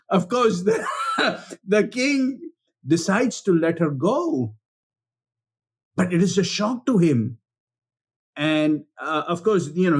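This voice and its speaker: Husky man, high pitch, slow, calls you friends while telling a story. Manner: animated, repeats words, addresses listeners as friends. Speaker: spiritual speaker. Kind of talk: storytelling talk.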